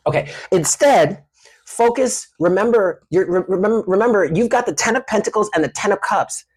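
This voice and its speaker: Husky, chatty tarot reader. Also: medium pitch. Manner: affectionate, slangy, reassuring, calls listener honey and baby; chatty with frequent laughs. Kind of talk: casual tarot reading.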